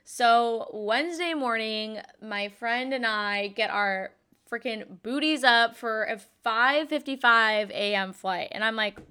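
A woman's voice: on the high side, slow pace, bright, forceful tone, smooth. A young woman hosting a podcast, telling a personal story in a chatty way full of "like" fillers. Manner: chatty, frequent "like" fillers, yawns and laughs. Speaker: podcast host. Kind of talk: casual storytelling monologue.

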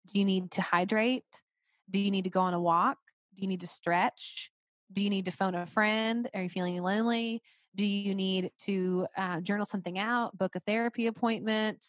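A woman's voice: mid-range voice, no echo. A woman guest on a podcast, talking in an earnest, encouraging way and repeating phrases for emphasis. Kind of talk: casual conversation.

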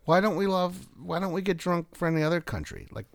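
Rambly podcast guy, bit high and bouncy, dry close mic. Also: fairly even intonation, fast, gravelly, dry recording. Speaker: podcast co-host. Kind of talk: casual chat.

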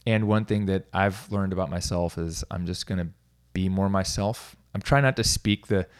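A man with a fairly low voice talks loosely and off the cuff, circling back on his sentences. He drops in quick laughs at his own stories and keeps an easygoing coaching tone. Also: clean tone. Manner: rambling, self-interrupting, laughs at himself. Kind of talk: casual solo talk.

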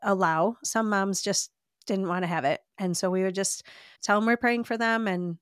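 A woman's voice: mid-range voice, moderate pace, smooth, dry recording, studio quality. A woman as a podcast guest, telling a personal faith testimony in an earnest, heartfelt way, often saying "like". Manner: earnest, heartfelt storytelling with frequent "like".

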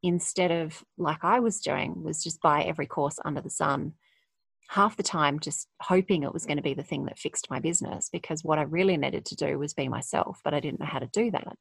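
A woman's voice: deep voice, fairly quick, vocal fry, husky, no room sound. A woman, speaking candidly and reflectively in a casual conversation and laughing often. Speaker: podcast guest, coach.

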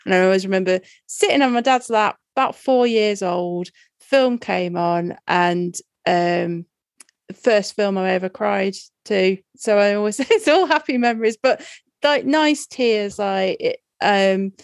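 A woman from England co-hosting a relaxed chat, talking in long, fond, meandering runs and laughing often. Her voice sits in an ordinary middle register. It is recorded close and dry, with no room sound. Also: medium pitch, measured pace, gravelly, dry recording. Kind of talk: casual chat.

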